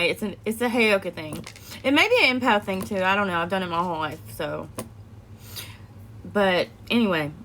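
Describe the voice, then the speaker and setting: A woman's voice: medium pitch, sharp tone, a little hiss or hum. A young woman vlogging casually about her own experiences, rambling and emotional, often trailing off with laughs and sighs. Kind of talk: casual personal storytelling to camera.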